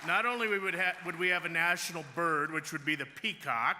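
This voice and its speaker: A man's voice: fairly high pitch, fairly quick, crowd noise, background noise. A man accepting an award at a gala, speaking with humor as a chamber of commerce leader. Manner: joking, lively public speaker. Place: large gala ballroom. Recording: reverberant hall sound.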